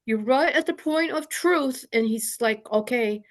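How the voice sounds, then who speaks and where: A woman's voice: a little high, a little slow. A woman sharing a personal story in an online group, earnest and rambling, with many restarts. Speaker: study group participant. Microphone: video call.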